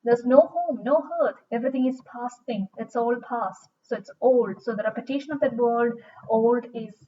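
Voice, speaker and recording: A woman giving a recorded literature lecture, reading verse aloud slowly and dramatically, then explaining it with much repetition. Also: a little high, slight background noise. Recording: dull distant recording.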